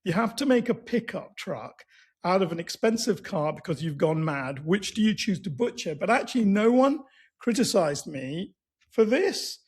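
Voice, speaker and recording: A man co-hosting a car podcast, chatting casually and getting quick and excitable as he recounts things. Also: high-pitched, husky. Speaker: podcast co-host. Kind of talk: casual chat.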